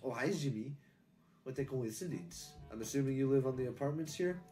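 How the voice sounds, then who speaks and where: A man's voice: medium pitch, animated, a little fast, warm tone, distant mic, soft background music, pitched above the performer's own voice, close to an everyday voice. A man voicing a friendly young French-Canadian man new in town, with a put-on and spotty French accent. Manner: polite, shifting fake accent.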